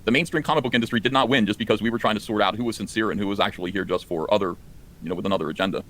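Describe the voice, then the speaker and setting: A man with a fairly low, fairly bright voice talks very fast while reacting to clips on a live stream. His heated commentary is exasperated and ranting, and his voice climbs when he gets indignant.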